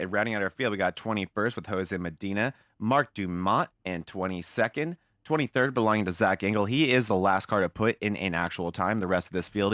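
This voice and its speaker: A man's voice: lowish voice, a bit bright, dry recording, studio quality. A man doing lead commentary on a sim racing broadcast, upbeat and chatty, sometimes tripping over names.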